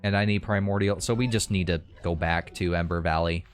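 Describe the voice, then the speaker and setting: Hosting a gaming video, a man with a low, smooth voice talks slightly fast as he casually works through his game, thinking aloud in a relaxed way with restarts and laughter.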